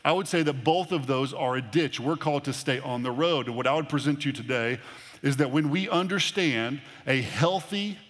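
A man's voice: mid-range voice, normal speed, a bit bright. Guy pastor preaching, punchy and repetitive, echo of a big church hall. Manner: emphatic preaching, repeats phrases, varied pace. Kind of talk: sermon. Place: church auditorium. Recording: long reverb of a large hall.

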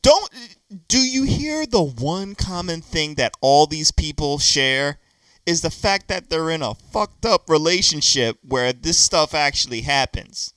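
Bright, lively married podcast host. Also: male voice, fairly high pitch, measured pace, dry recording. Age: adult, married. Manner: teasing, lively, argumentative. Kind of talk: casual banter.

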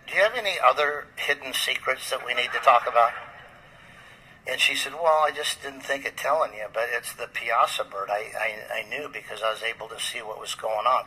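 A man's voice: medium pitch, pushed and bright, slightly rough, rough recording. A man, a pastor, telling a long story in a rambling way with many fillers and restarts. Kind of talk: storytelling in a podcast interview.

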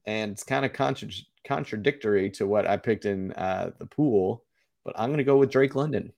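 A man's voice: fairly low pitch, moderate pace, gravelly, darkish tone. A man co-hosting a casual sports podcast, talking in an upbeat, chatty way and laughing often. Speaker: podcast co-host.

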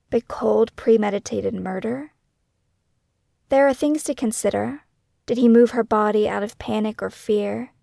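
Gravelly-voiced woman narrating true crime. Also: medium pitch, darkish tone, dry recording, clean studio sound. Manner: measured, brooding, asks many questions. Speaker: podcast host and narrator.

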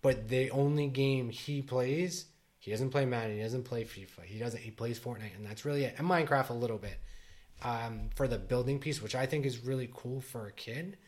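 A man's voice: medium pitch, moderate pace, darkish tone. A middle-aged man co-hosting a casual podcast. He rambles, restarts his sentences and leans on filler words as he talks through everyday stories. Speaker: podcast co-host. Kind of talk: casual chat.

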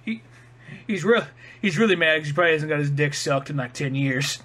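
A man's voice: fairly high pitch, expressive, a little fast, a crowd in the background. A man joking crudely about a film he is watching with a friend, swearing and riffing on the characters. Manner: joking, profane, riffs on characters. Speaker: co-commentator. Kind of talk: crude comedic commentary on a film.

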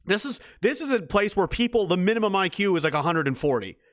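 A man with a notably high voice rants in mock outrage, playing a gruff spy-agency boss reacting to a clip. His talk is profane and sarcastic, rambling and full of restarts. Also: expressive, fast talker. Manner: rambling with frequent restarts and fillers. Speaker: commentator.

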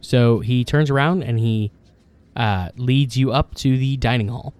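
A man runs a tabletop game, narrating scenes in detail. He pauses often and fills gaps with ums and uhs. His voice sits at an ordinary middle pitch. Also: a little mellow, clean tone. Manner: descriptive, many fillers. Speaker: game master.

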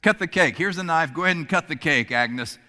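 A male preacher voicing a gruff, no-nonsense diner cook who talks briskly and coaxes loudly, heard in a hall with long reverb. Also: fairly high pitch, expressive. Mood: coaxing. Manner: brisk, coaxing, louder.

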